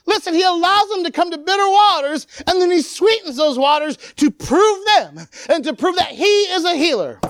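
A high-pitched preacher whose voice leaps up and down through an animated sermon. The delivery swings from loud calls to quiet asides and acts out the people in the story. The sound is close and dry, with no room echo. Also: normal speed, hardly any pauses.

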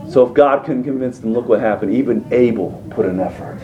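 A man's voice: medium pitch, fairly quick, hardly any pauses, mellow, reverberant, distant mic, muffled recording, slight background noise. A man preaching a sermon in a folksy, colloquial manner, throwing rhetorical questions at his congregation. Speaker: pastor.

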